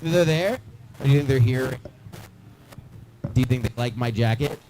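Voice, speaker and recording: Rambling young comedian, dark-toned voice. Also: male voice, mid-range voice, moderate pace, a little hiss or hum, poor audio. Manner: loose, rambling, crowd-teasing delivery. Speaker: stand-up comedian. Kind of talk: stand-up comedy with crowd work.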